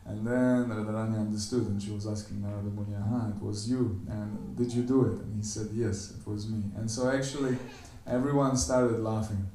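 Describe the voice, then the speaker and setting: A man giving a temple lecture, animatedly telling a story and acting out the characters' quoted lines in a higher voice. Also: fairly even intonation, brisk, few pauses, warm tone, slight background noise. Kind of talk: storytelling sermon. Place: temple hall. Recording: echoey room, voice from a distance.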